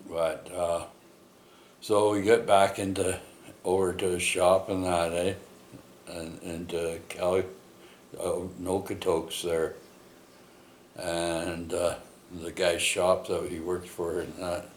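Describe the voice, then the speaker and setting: A man with a very low voice tells a personal story at an unhurried pace. He rambles, restarts often and keeps tagging his sentences with questions. He is recorded in an echoey room with faint ambient noise behind him. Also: level tone. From Canada. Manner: rambling, many fillers and tag questions.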